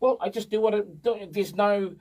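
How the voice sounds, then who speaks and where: A man, an energetic and chatty storyteller talking as a guest on a radio show. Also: high-pitched, moderate pace, recorded from a distance, low-quality recording. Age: 50s. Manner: energetic, chatty storyteller who laughs often. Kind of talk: casual radio interview. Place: radio studio.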